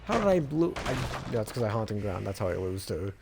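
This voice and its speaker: A man's voice: lowish voice, very animated, fast, creaky, music in the background. A man streaming a live game, talking to himself and to the other players in a stop-start, chatty way. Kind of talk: live gameplay commentary.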